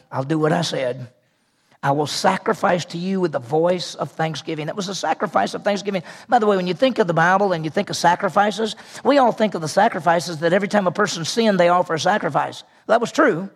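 A man preaching a sermon as pastor to a congregation, swinging between loud emphatic passages and hushed, quiet prayerful lines. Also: sits high, creaky, husky. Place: church sanctuary with congregation.

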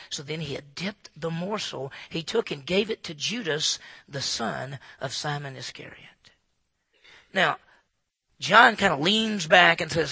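A man delivers a lively expository sermon, slipping into hushed voices for asides. His voice sits high and sounds bright and gravelly. The recording is dry and close. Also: a little slow, no echo. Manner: animated, acts out disciples' asides in hushed voices. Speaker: pastor.

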